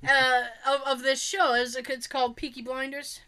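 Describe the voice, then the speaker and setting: A woman in casual chat, talkative and quick to laugh, often restarting her sentences. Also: high voice, little pitch movement, pushed and bright, clear, resonant tone.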